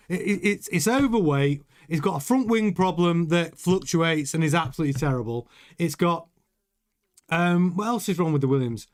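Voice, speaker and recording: A man's voice: sits high, normal speed. A man hosting a live watchalong, reading out viewer chat and giving casual, rambling commentary that often stops and restarts mid-sentence. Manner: chatty, rambling, self-interrupting. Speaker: livestream host reading chat.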